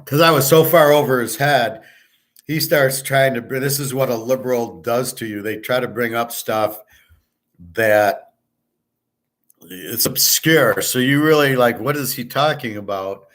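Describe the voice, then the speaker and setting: A man talks in a loose, rambling monologue, blunt and boastful. He swears freely and acts out both sides of the conversations he retells. His voice sits at an ordinary middle pitch for a man. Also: measured pace, a bit bright. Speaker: host of a sports picks show.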